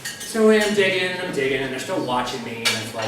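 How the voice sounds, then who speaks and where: A man's voice: medium pitch, a little fast, crowd noise. Wry man telling a comic story. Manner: wry, deadpan storytelling with fillers. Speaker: reader at a live event. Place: hotel bar event room. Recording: echoey room, distant mic, clattering dishes.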